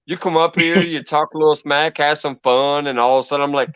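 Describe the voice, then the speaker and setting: A man's voice: fairly high pitch, steady tone, fairly quick, fairly bright tone, smooth, no room sound. A man hosting an online panel, enthusiastic and profane, calling people brother. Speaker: panel host. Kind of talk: casual chat.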